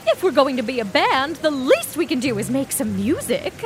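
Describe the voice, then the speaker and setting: A woman's voice: sing-song, normal speed, faint music behind. Woman playing an upbeat donkey band leader. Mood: encouraging. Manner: bouncy and encouraging, with deep growls on names.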